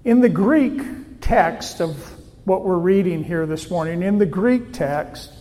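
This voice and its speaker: A male pastor delivers a sermon from a church sanctuary, his voice sitting high for a man. He speaks slowly and deliberately, pausing on each word for emphasis. A long reverb from the hall trails after his phrases. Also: mellow. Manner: slow, deliberate preaching with emphatic pauses.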